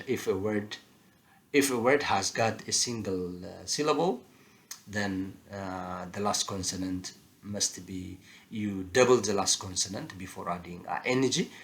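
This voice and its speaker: A man teaching a grammar lesson, explaining spelling rules with many pauses and filler sounds. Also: lowish voice, fairly bright tone. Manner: halting, frequent filler pauses, slow and deliberate explanations. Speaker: English teacher.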